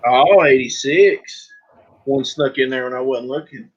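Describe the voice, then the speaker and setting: A man's voice: medium pitch, a little slow, husky. Joking man hosting a lo-fi livestream. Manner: joking, rambling, breaks into laughter. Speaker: livestream host. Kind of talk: casual live-stream chat.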